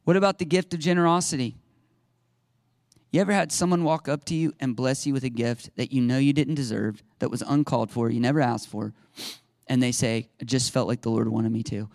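A man preaching a lively sermon as a pastor, acting out little scenes and laughing now and then. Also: mid-range voice, brisk, dry recording, clean studio sound. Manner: animated, acts out little voices and laughs often.

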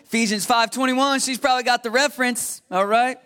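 A man from the United States preaching a sermon in an animated, joking way, often checking in with his listeners. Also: very high voice, a little fast, clean tone. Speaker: pastor.

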